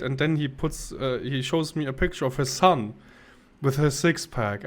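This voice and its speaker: A man's voice: fairly high pitch, expressive, moderate pace, a bit bright. A man co-hosting a podcast, telling a story in a rambling, casual way with many restarts. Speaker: podcast co-host.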